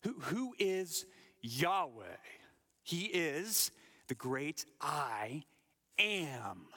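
A middle-aged male pastor preaching a sermon, emphatic, sometimes dropping to a hushed whisper and often repeating words as he builds. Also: on the high side.

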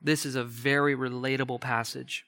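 A man preaching a sermon as pastor, earnestly, shifting between quick emphatic bursts and slow, hushed stretches. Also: mid-range voice, level tone. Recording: long hall reverb.

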